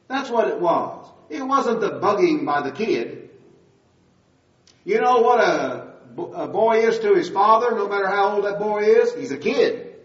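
A man's voice: sits high, animated, measured pace. An older man preaching a sermon, telling his testimony in a conversational storytelling way that rises to emphatic moments. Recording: distant, roomy, dull-sounding recording.

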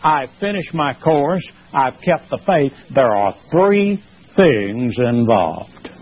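A man's voice: mid-range voice, sing-song, slow, breathy edge. A man preaching a sermon, emphatic and rising in force as he presses his points. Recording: muffled lo-fi sermon recording.

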